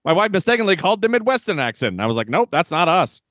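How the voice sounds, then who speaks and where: Animated wisecracking man in his thirties. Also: high voice, racing, no room sound, studio quality. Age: 30s. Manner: wisecracking and animated, laughs often. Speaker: podcast co-host. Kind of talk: casual movie-review chat.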